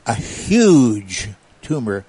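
A man's voice: medium pitch, very slow, breathy edge, no echo. A man telling a story in a casual conversation, acting out quotes in a raised voice. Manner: animated, quotes others in raised voice. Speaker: guest recounting an investigation.

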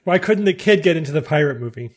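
A man hosting a casual podcast panel, his voice sitting high for a man. He moderates the banter with wry, dry humor and often breaks into laughter. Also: animated, fast, crowd noise. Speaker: podcast host.

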